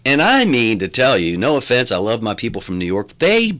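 A man's voice: medium pitch, fairly quick. A middle-aged man with a West Virginia accent, talking as an interview guest in a rambling way with many restarts. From born in Louisiana, raised in West Virginia. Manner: rambling, animated, restarts often. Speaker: guest, filmmaker and radio announcer. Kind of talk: conversational interview.

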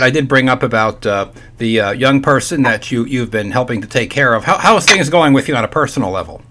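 A man's voice: medium pitch, animated, fairly quick, hardly any pauses, bright, forceful tone, slight background noise. An older man hosting a casual radio talk show, folksy and chatty with playful asides.

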